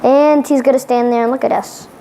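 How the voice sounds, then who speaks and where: A woman hosting a playful pet vlog, excitable and giggly, talking into a headset microphone and breaking into shrieks. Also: high-pitched, brisk, slight background noise. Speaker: channel host.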